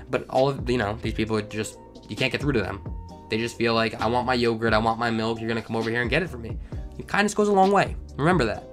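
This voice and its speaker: Man, story channel host, quick delivery, animated rants, faint music underneath. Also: medium pitch. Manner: animated, ranting asides. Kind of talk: reading online stories with comedic commentary.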